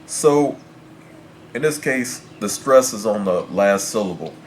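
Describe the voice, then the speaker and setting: Deep-voiced man teaching slowly. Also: lively intonation, slight background noise. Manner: slow, patient, spells words letter by letter. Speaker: Spanish teacher. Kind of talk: explaining pronunciation rules.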